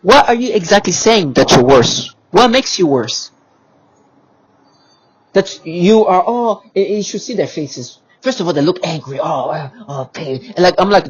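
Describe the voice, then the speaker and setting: Husky, emphatic man on lo-fi audio. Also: sits high, animated, measured pace. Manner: emphatic and repetitive, with many restarts and rhetorical questions. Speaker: vlogger. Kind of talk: agitated monologue to camera.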